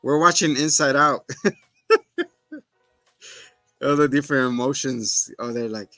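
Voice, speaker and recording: A man's voice: mid-range voice, a little slow, long pauses, bright, forceful tone, dry recording, faint music behind. A man co-hosting a podcast, casually rambling through scene recaps and acting out quotes. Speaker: podcast co-host. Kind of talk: casual chat.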